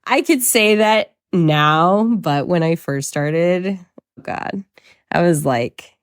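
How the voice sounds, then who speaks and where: Low voiced woman podcaster, swears a lot, jokes at herself, dry close mic. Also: takes it slowly, smooth, dry recording. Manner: candid, profane, self-mocking. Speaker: podcast host, trauma coach. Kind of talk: casual confessional monologue.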